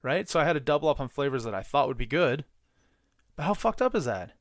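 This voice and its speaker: A man's voice: a little high, big pitch swings, fast talker, no room sound, clean studio sound. A man co-hosting a podcast in casual chat, telling rambling stories full of swearing and filler words. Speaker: podcast co-host.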